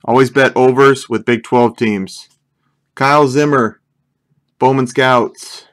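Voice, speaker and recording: Hosting a casual live card break, a young man opens packs and rambles and jokes as he calls out his pulls. His mid-range voice is slow with fairly even intonation.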